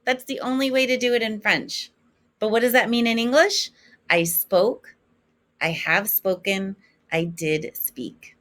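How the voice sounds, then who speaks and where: A woman teaching a French lesson in English, slowly modeling each French form for her students to repeat. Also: fairly high pitch, fairly bright tone. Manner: slow, clear modeling of French forms for repetition. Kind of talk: recorded classroom lesson.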